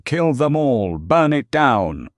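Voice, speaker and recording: Narrator puts on a spoiled, sneering rancher, cowardly; dry close sound. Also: male voice, very deep voice, sing-song, measured pace, no room sound, heavily acted. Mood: shrieking. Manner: sneering, turns to shrieking. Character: smug rich male cattle baron, cowardly.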